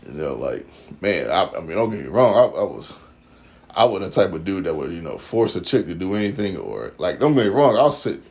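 A man's voice: low-pitched, very animated, fairly quick, gravelly, darkish tone. A man chatting casually as a podcast co-host, rambling with lots of fillers and slang while recapping a TV episode.

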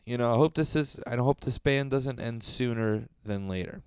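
A man co-hosting a casual music podcast, talking in a rambling, profane way with lively jumps in pitch. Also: moderate pace, smooth. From Rochester, New York. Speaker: podcast co-host. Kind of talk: casual chat.

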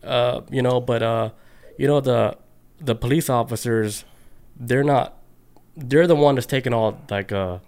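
A man's voice: mid-range voice, a little slow, a little mellow, clean tone. Man, mid-range voice, laid-back, rambling, filler-heavy podcast talk. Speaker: podcast co-host. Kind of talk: casual podcast chat.

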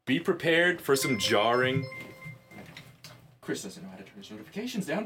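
A man hosting a podcast in casual chat, telling stories in an excitable, profane way. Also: medium pitch, moderate pace, a little hiss or hum. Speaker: podcast host.

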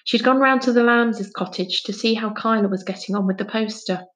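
A woman reading a children's book aloud with clear, gentle storytelling. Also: on the high side, brisk. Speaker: story reader.

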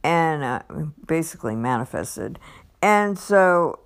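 A woman tells a personal story in a casual, animated way, taking her time. She rambles with plenty of fillers and restarts, and she acts out other people's lines by raising her pitch.

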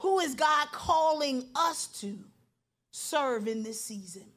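A middle-aged woman pastor preaching a sermon with an impassioned, repetitive building cadence that rises to shouts. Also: sits high, expressive, slow.

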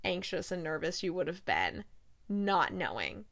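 A woman voicing a calm young man who gently reassures his partner in a soft, hushed voice. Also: on the low side, measured pace, creaky, voice pushed down, full character voice. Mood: soothing.

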